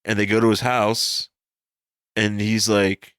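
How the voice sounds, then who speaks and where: A man's voice: fairly low pitch, level tone, slow pace, a bit bright, clean tone, no room sound, studio quality. A man co-hosting a comic book podcast, rambling through his thoughts and often restarting his sentences. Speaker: podcast co-host. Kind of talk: casual chat.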